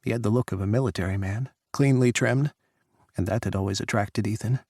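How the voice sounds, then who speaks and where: A man's voice: on the low side, a little fast, darkish tone, no room sound, clean studio sound. A man narrating an audiobook in an intimate, introspective reading.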